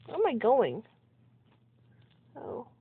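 Woman gamer, high voice, unhurried talk, excitable yelps, tinny and dry recording. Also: gravelly, husky, dry recording. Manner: excitable, exclaims and yelps at in-game surprises. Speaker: gamer recording gameplay commentary. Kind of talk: casual let's-play commentary.

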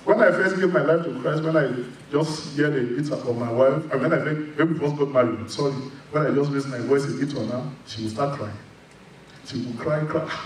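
A middle-aged man preaching from the pulpit, his voice sitting a little high and swinging widely up and down as he drives each point home. He is emphatic and candid, owning up to his own flaws. The sound bounces around a very echoey church hall, picked up from some distance. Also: a little hiss or hum. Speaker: pastor. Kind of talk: sermon. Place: church sanctuary.

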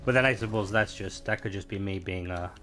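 A young adult man streams a game, chatting casually in a fairly low, bright, forceful voice that runs a little fast. He rambles, filling his talk with fillers and playful asides.

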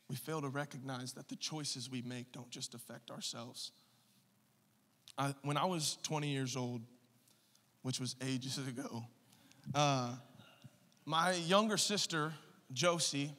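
Passionate preacher man, forceful voice. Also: mid-range voice, takes it slowly, long pauses. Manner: passionate, swings from quiet storytelling to loud urging. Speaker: pastor. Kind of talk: sermon. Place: church sanctuary. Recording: reverberant church hall.

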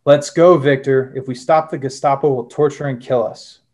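A man's voice: medium pitch, steady tone, normal speed, darkish tone, natural voice. A man reading the lines of a tense male secret agent fleeing pursuers, in an audiobook-style reading. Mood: urgent. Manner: plain reading voice, little change.

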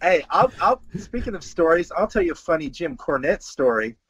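A man guesting on a chat show, talking excitedly, tripping over and repeating words, and laughing. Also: on the high side, normal speed, slightly rough, dry recording, dull audio. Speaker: podcast host, guest. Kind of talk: casual chat.

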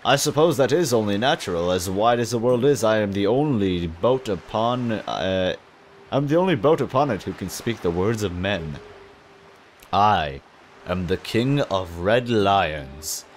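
A man's voice: on the low side, lively intonation, a little slow, a little hiss or hum. A man voicing a solemn, wise talking boat, reading the game text in a formal, stately way.

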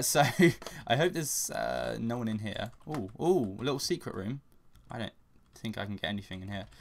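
A young man giving casual, chatty commentary over a video game he is playing, getting loud and swearing when under attack. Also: medium pitch. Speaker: gaming channel host.

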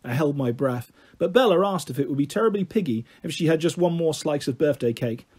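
A man narrating a children's book in a gentle, steady reading voice. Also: a little high, fairly quick, breathy edge. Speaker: storyteller.

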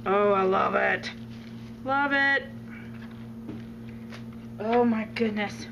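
A woman's voice: mid-range voice, drawn-out words, gravelly, dull audio. A woman vlogging an unboxing of craft supplies, gushing and exclaiming with delight, gasping and laughing. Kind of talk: excited unboxing chat. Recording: noisy home recording.

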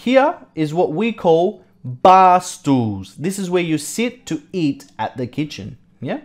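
Teacher's voice, vocabulary lesson for young kids, slow and deliberate, lively up-and-down pitch, repeats words, encouraging. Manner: repeats each word slowly, asks checking questions; encouraging, praises answers. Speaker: English teacher for young pupils. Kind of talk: online vocabulary lesson narrating a house tour.

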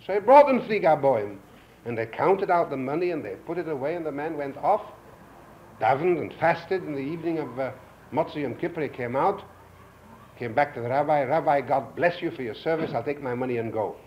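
An older man lecturing to an audience, telling a folk tale with lively character voices, on an old 1950s lecture recording. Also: brisk, highs cut off, a little hiss or hum. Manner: animated storyteller, voicing characters with rising pitch. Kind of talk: storytelling lecture. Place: lecture hall.

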